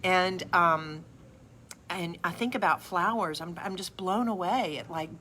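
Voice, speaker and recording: A woman's voice: lowish voice, slight background noise. A middle-aged woman, hosting a live craft demonstration and chatting with viewers as she works. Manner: chatty, warm asides to viewers. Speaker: craft studio host. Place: craft studio.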